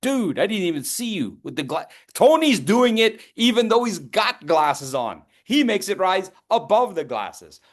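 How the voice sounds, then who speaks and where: A man's voice: high voice, sing-song, unhurried, few pauses. A man in his fifties presenting a public speaking workshop, playful and encouraging as he calls on people by name. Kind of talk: lively interactive workshop coaching.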